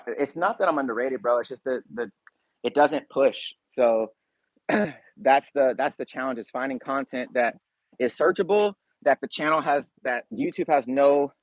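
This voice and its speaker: A man's voice: medium pitch, dry recording, low-quality recording. A man hosting a casual livestream, chatting straight to viewers in a laid-back, slangy way. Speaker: YouTube reaction channel host.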